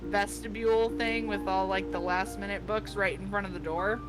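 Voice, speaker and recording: A woman's voice: mid-range voice, normal speed, poor audio. A woman chatting casually on a game stream, telling a story with lots of laughter. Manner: lively storyteller, laughs through her story. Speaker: player in a streamed tabletop game. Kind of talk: casual chat, telling an anecdote. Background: background music.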